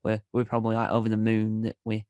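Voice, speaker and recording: A man interviewing a guest, asking questions in a halting way and repeating words as he goes. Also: lowish voice, completely flat delivery, a little mellow, smooth, no echo, dull audio. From Britain. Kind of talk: casual interview.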